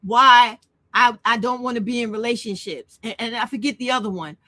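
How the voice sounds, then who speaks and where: High-voiced woman ranting with profanity. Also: brisk, sharp tone, no echo. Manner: profane, blunt, emotional. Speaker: channel host. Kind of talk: impassioned monologue rant.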